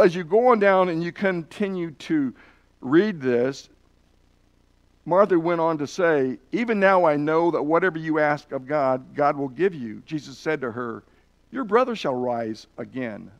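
A man's voice: fairly high pitch, dull audio. A man preaching a sermon, earnestly retelling and reading scripture passages aloud with emphasis. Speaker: pastor.

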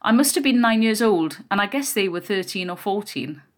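A woman narrating a first-person memoir in a quiet, measured storytelling voice. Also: mid-range voice, expressive.

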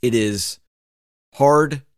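A man's voice: mid-range voice, extremely slow, dry recording, clean studio sound. A man co-hosting a podcast, talking casually and rambling through a story, filling it with "like". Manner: rambling, heavy use of "like", storytelling. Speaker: podcast co-host. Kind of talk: casual chat.

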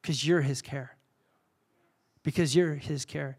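A man in his forties preaching a sermon, conversational and personal, swinging between soft intimate passages and loud fervent peaks. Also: fairly high pitch, fairly even intonation, takes it slowly, pauses often, husky. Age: 40s. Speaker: pastor.

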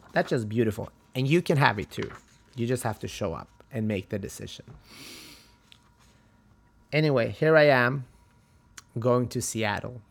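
A man's voice: mid-range voice, vocal fry. A man from Sweden with a Swedish accent, telling a travel story as a podcast host in a chatty, motivational way with frequent restarts. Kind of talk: casual storytelling monologue.

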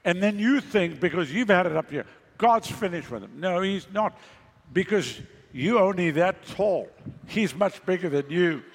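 A man's voice: high-pitched, animated, a little slow, breathy edge, big-room sound. A male pastor preaching a sermon in a conversational way, with sarcastic asides.

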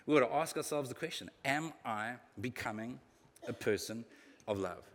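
A man preaching a sermon as a pastor, lively and animated, getting loud and quiet by turns. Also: medium pitch, normal speed. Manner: lively, animated preaching with sudden swings in loudness. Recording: long echo of a hall.

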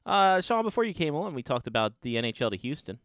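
A man's voice: on the high side, big pitch swings, quick pace, fairly bright tone, dry recording, studio quality. A man hosting a casual sports podcast, joking loosely and polling his co-hosts. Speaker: podcast host.

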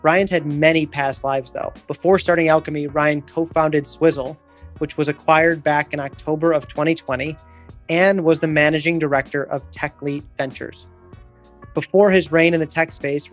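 A man hosting a podcast, reading an introduction and then warmly welcoming his guest in a conversational way. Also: on the high side. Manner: friendly, conversational. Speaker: podcast host. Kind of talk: scripted intro then casual interview.

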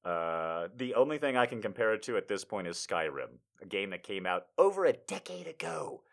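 A man telling a profane, comedic story about a video game, with loud sung and shouted asides. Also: sits low, big pitch swings, normal speed.

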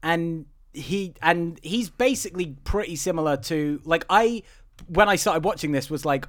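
A man co-hosting a podcast, recapping a TV series in animated, swearing, casual chat. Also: on the high side, moderate pace. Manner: animated, swearing, laughing storyteller. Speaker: podcast co-host.

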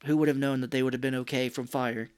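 A man's voice: medium pitch, little pitch movement, fast, a little mellow, clear, resonant tone. A man co-hosting a podcast, recapping a movie in casual chat with jokes and mocking impressions. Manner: jokey, slips into mocking impressions. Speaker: podcast co-host.

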